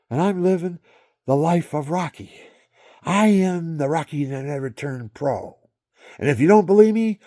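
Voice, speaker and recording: A man's voice: fairly high pitch, dry recording, clean studio sound. A man in his seventies talking to his viewers in a rambling personal monologue, laughing often and breaking into silly sound effects. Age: 70s. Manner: animated, laughing, barking asides. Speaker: vlogger.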